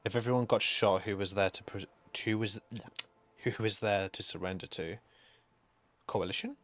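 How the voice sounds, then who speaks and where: A man's voice: on the low side, moderate pace, fairly bright tone. A male streamer giving rambling gameplay commentary, laughing and swearing casually.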